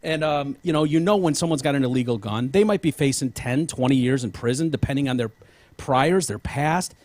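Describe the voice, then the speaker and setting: A man's voice: mid-range voice, a little fast, a little mellow, dry recording. A man hosting a podcast in casual chat, rambling with frequent restarts and casual swearing. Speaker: podcast host.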